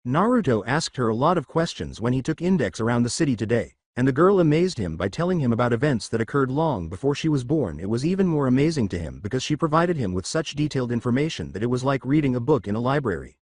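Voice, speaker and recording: Male narrator for fan fiction, lively pitch, dry close sound. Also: fast, hardly any pauses, no room sound.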